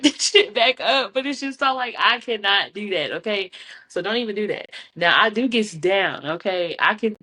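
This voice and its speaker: A woman's voice: mid-range voice, fairly bright tone. A young adult woman, hosting a candid chat show, talking bluntly and often breaking into laughter. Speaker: podcast host. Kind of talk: casual candid chat to camera.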